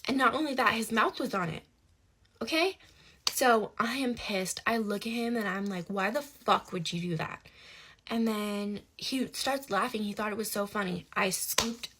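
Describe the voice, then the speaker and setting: Animated young woman telling a story. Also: medium pitch, normal speed, husky. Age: young adult. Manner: animated, emphatic, frequent rhetorical asides. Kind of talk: casual storytime chat.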